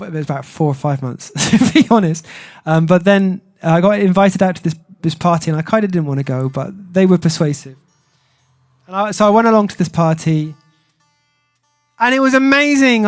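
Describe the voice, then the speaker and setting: A man's voice: a little high, darkish tone. A man chatting casually on his music livestream, rambling and self-deprecating, with lots of fillers. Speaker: singer-songwriter streamer.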